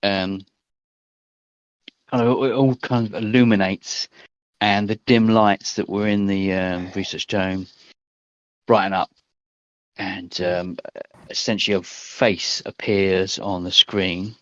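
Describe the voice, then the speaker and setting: Male game master, low voice, halting storytelling, dry slightly dull call audio. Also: fairly even intonation, no room sound. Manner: rambling, hesitant, lots of ums. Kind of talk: narrating a tabletop game. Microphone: voice call mic.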